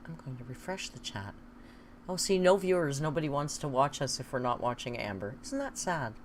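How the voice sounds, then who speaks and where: A woman's voice: extremely low pitch, animated, fairly quick, noisy background. A woman hosting a casual live stream, joking, laughing often and swearing freely. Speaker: stream host.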